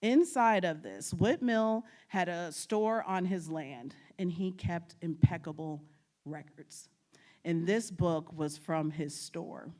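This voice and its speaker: Lower-voiced woman telling family stories. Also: takes it slowly. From New York. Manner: animated, laughing, acts out family quotes. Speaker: guest speaker. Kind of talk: storytelling presentation. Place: lecture at a state archives building.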